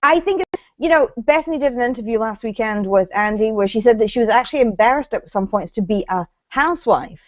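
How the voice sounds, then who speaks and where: A woman's voice: fairly high pitch, animated, fairly quick, no echo, dull audio. A woman co-hosting a casual chat about reality TV, blunt and opinionated, swearing freely. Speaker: co-host.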